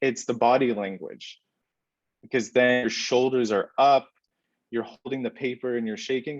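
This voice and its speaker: A man giving relaxed, conversational answers as a podcast guest, with many fillers and deliberate pauses. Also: mid-range voice, no echo, lo-fi sound.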